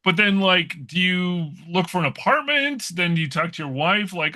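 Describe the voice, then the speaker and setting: A man's voice: high voice, moderate pace, hardly any pauses. A man hosting a podcast, asking a former player questions in an interview. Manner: prompting, lively questioning. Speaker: podcast host.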